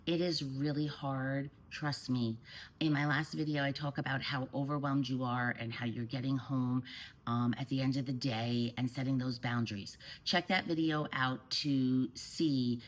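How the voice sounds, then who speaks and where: A woman parent coach giving calm, steady advice straight to the camera. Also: a bass voice, measured pace, poor audio.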